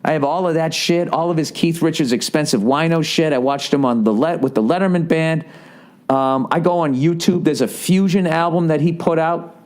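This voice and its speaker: A man's voice: a little high, moderate pace, a little mellow. A man in his forties hosting a solo podcast, telling a long, profane, self-deprecating story full of restarts and asides. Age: 40s. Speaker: podcast host.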